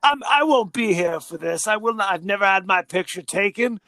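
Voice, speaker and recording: A man's voice: high voice, lively intonation, moderate pace, pushed and bright, no echo, clean studio sound, full character voice. A man voicing a menacing, secretive middle-aged uncle in a put-on British accent, indignant and commanding.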